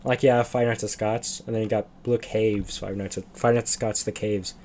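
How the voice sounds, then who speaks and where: A man's voice: lowish voice, level tone, normal speed, a little mellow, a little hiss or hum. A young man chatting on a livestream, rambling and losing his train of thought. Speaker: streamer. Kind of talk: casual livestream chat.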